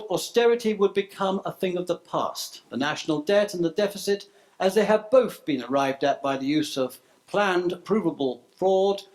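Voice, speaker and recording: Brief: middle-aged man, conference speaker, fairly high voice, reads his points then riffs off script. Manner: reads a list of proposals, then ad-libs with stumbles and asides. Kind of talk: prepared speech to a live audience. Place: conference room.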